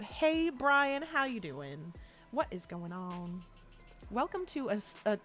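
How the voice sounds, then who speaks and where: A woman from Atlanta with a Southern accent, chatting casually as a live-stream host, laughing often between phrases. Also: fairly high pitch. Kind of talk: casual live-stream chat while gaming.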